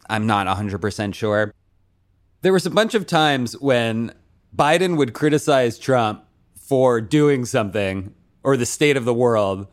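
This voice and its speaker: Two friends riff on a podcast, and this man, with his middle-pitched voice, keeps swearing, joking and laughing as he hands out scores. He talks with plenty of energy and an easy, casual delivery. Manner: profane, animated, quick to laugh. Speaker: podcast co-host. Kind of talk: casual comedic chat.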